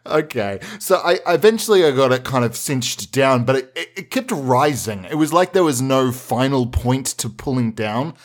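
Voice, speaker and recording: A man's voice: medium pitch, expressive, moderate pace, hardly any pauses. A man hosting a podcast, telling a rambling, absurd comic anecdote with restarts and mock-serious asides. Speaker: podcast host. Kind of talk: improvised comic storytelling.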